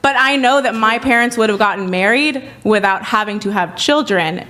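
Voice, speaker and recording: A woman's voice: medium pitch, normal speed, sharp tone. A woman on a debate panel, arguing back with pointed retorts.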